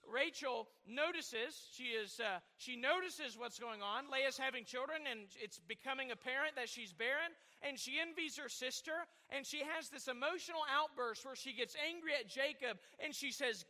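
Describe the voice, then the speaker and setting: High bright-voiced male preacher in a hall. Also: moderate pace, hardly any pauses. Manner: rambling, asks the congregation questions. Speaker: pastor. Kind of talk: sermon.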